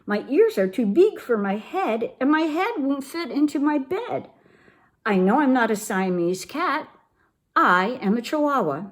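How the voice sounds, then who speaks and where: Woman doing an excitable Siamese kitten boy. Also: mid-range voice, moderate pace. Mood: excited. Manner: exaggerated Spanish accent put on.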